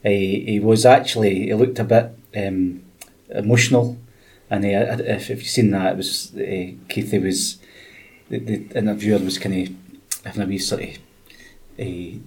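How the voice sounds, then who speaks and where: A man, a golf expert on a podcast, talking casually and haltingly, searching for words. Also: fairly low pitch, fairly even intonation, darkish tone.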